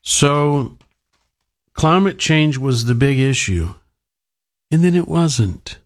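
A man's voice: medium pitch, expressive, takes it slowly. A man hosting a talk radio show, giving sarcastic, opinionated commentary. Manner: sarcastic, mocking.

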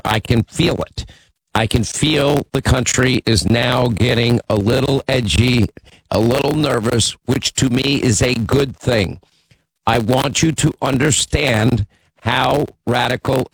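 A man's voice: mid-range voice, gravelly, breathy edge, dry recording, poor audio. A man hosting a talk radio show, taking calls and chatting in an opinionated, teasing way.

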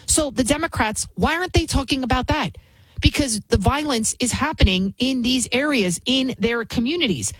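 Husky-voiced woman with mocking commentary. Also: high voice, lively intonation, moderate pace, dry recording, rough recording. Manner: emphatic, mocking, rhetorical questions. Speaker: political commentator. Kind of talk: opinionated commentary. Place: New York City.

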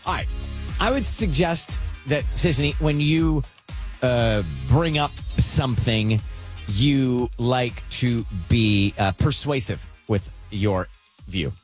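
A man's voice: mid-range voice, faint music behind. A man hosting a morning radio show, chatting casually and getting amped up as he talks. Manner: animated, quick to get amped up.

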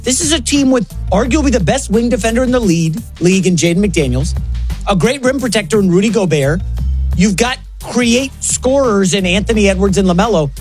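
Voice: medium pitch, lively intonation, brisk, darkish tone, soft background music. A co-host on a sports talk show, chatty and conversational, setting up stories and tossing to the host. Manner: chatty, conversational, brings in topics.

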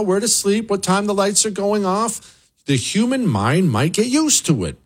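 Emphatic man hosting a talk show. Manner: emphatic, rising to high excited pitch on rhetorical questions. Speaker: political talk show host. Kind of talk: opinionated monologue.

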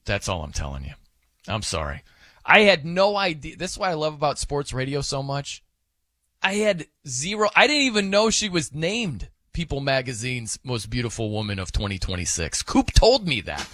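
A man's voice: medium pitch, big pitch swings, moderate pace, fairly bright tone, dry recording. A man hosting a sports radio show in casual, rambling, self-amused banter at a studio microphone.

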